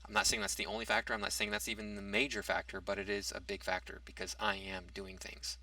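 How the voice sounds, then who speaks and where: Male commentator, low gravelly voice, hesitant restarts, dry recording from a distance. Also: little pitch movement, fast talker, pushed and bright, no room sound. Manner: argumentative, reads out a topic then rebuts it. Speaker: commentary vlogger. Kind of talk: casual opinion monologue.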